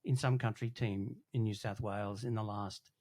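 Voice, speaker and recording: A man in casual podcast chat, who talks thoughtfully and answers others with quick, agreeable affirmations. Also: fairly low pitch, fairly even intonation, a little mellow.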